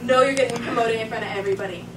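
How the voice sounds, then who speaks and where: A young woman giving an emotional farewell speech to her trainee group, laughing often and animated. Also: fairly high pitch, very fast, a crowd in the background. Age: young adult. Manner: laughing often, animated, breaks into quoted voices. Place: large meeting room. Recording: echoey room from far off, noisy.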